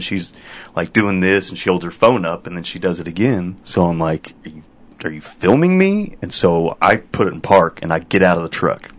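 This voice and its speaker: A man in casual chat, rambling through a story with crude humor. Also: low voice.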